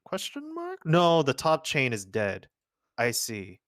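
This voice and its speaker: A man's voice: fairly high pitch, huge pitch swings, slow, a bit bright. A man taking a casual online go lesson, eager and self-joking as he thinks aloud. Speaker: go student.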